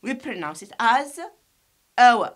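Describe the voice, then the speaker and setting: A woman teaching an English pronunciation lesson, slowly and deliberately, repeating each sound for her students and explaining some points in Arabic. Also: mid-range voice, big pitch swings, pushed and bright. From Algeria.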